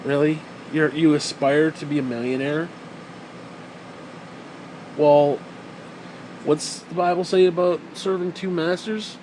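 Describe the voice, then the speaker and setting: A man's voice: a little high, steady tone, slow, pauses often, a little mellow, a little hiss or hum, poor audio. A man delivering a heated, profane and sarcastic ranting monologue as a vlogger.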